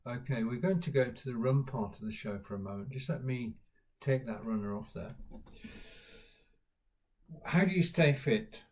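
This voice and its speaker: Host, male, British accent, casual rambling live-stream chat, fillers, medium pitch. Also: moderate pace, pauses often, a little mellow, a little hiss or hum. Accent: British English. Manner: chatty, greets viewers by name, lots of uh fillers. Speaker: livestream host.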